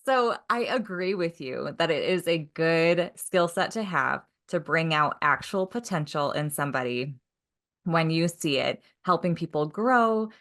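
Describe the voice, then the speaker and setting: A woman's voice: sits low, a bit bright. A woman co-hosting a podcast in a casual discussion, agreeable and building on her partner's points. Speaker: podcast co-host.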